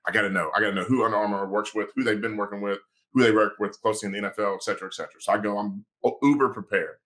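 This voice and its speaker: A man, a sports agent and lawyer, telling a story on a podcast in a casual, animated way and acting out the quoted dialogue. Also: on the low side, rapid-fire.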